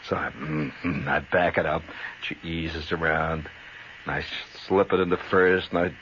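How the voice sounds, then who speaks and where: Chatty male radio raconteur, low and lively, rambling with chuckles; old muffled broadcast audio. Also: a little hiss or hum. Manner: rambling, chuckling, tosses in "see?" and "you know". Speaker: radio host. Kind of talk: storytelling radio monologue. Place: radio studio. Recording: dull lo-fi 1970 radio broadcast.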